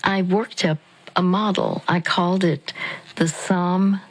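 A woman hosting a radio counseling show, speaking gently and haltingly with fillers and restarts. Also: fairly low pitch, steady tone, poor audio.

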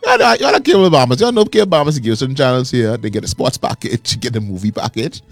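A man's voice: mid-range voice, fast, gravelly, no echo, faint music behind. A man co-hosting a casual Christian chat, joking and laughing a lot. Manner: joking, laughs often, animated.

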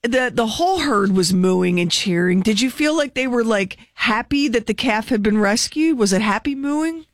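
A woman's voice: fairly high pitch, lively intonation, moderate pace, few pauses, no room sound, studio quality. Teasing woman co-hosting a talk show. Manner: teasing, inquisitive. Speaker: radio show co-host. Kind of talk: casual talk-show banter.

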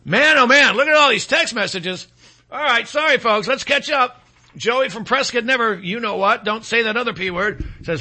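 A man's voice: extremely high pitch, animated, moderate pace, bright, forceful tone. A male talk radio host delivering a sarcastic, rambling opinion monologue full of fillers.

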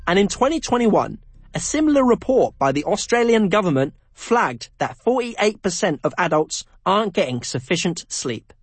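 A man's voice: high-pitched, sing-song, normal speed, breathy edge, no room sound. A man narrating a documentary in a scripted, personal way. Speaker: documentary presenter.

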